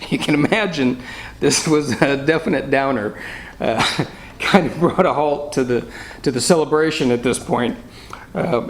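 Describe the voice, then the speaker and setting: A man teaching a Bible study in a jovial, anecdotal way, reading and explaining verses. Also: mid-range voice. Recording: roomy room echo, faint noise.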